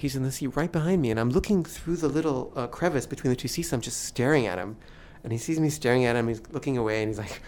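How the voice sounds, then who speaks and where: A man casually telling a personal story, halting and self-deprecating, stammering when he gets nervous. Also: mid-range voice, darkish tone.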